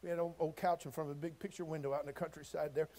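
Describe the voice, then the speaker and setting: A man preaching a sermon, folksy and direct, moving between quiet storytelling and loud shouted passages. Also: a little high, level tone, very fast. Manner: folksy, addresses listeners as friend and brother.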